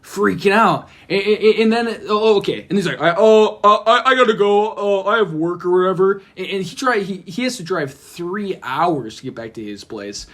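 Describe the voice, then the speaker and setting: A young man on a podcast, telling a story in an animated way, swearing and acting out the voices of the people in it. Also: sits high, normal speed, hardly any pauses. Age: young adult. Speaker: podcast guest. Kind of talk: casual chat.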